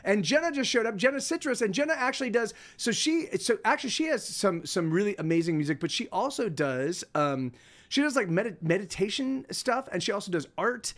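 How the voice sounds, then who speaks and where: A man's voice: high-pitched, expressive, brisk, a bit bright. A man chatting casually with his stream viewers, rambling and cutting himself off mid-sentence, laughing now and then. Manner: rambling, self-interrupting, laughs often. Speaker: livestreaming musician.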